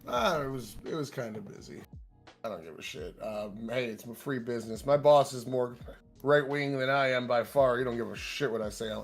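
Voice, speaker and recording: A man talking as a guest on a streamed call, relaxed and offhand, swearing casually. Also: medium pitch, moderate pace, soft background music. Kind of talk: casual chat. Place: home streaming setup, on a call.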